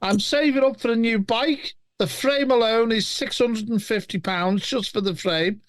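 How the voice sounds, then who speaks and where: A man's voice: extremely high pitch, moderate pace, dry recording. A man, a regular panelist, grumbling and defending himself in casual pub banter. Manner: defensive, grumbling, talks around things.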